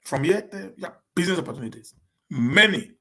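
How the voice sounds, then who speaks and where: A man with a Nigerian accent chatting casually to his live-stream viewers, talking quickly and often repeating and restarting words as he mixes in pidgin. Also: high-pitched, expressive, sharp tone. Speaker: live-stream host answering viewer questions.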